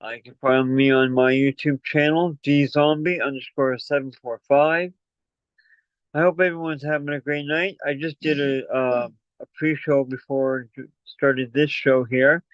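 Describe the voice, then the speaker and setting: A man's voice: medium pitch, fairly even intonation, measured pace, no echo. A man hosting a casual livestream, chatty and rambling, out of breath from running up and down stairs. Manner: rambling, chatty, plugging merch. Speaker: livestream host. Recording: dull lo-fi call audio.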